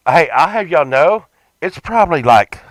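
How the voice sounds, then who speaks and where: A man's voice: a little high, big pitch swings, moderate pace, a bit bright, no echo. A man talking in a casual, rambling vlog, stumbling over his words and repeating himself. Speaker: vlogger.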